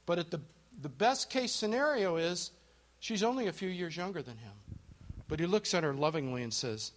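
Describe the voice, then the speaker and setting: Leading a Bible study in front of a live group, this man speaks in an expressive, high-sitting voice at a moderate pace. He questions the group and thanks whoever answers, narrating the story and going quiet at its dramatic points.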